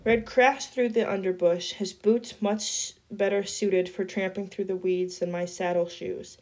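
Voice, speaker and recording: A woman reading a novel chapter aloud in a steady storytelling voice. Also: mid-range voice, a little slow, few pauses. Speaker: reader.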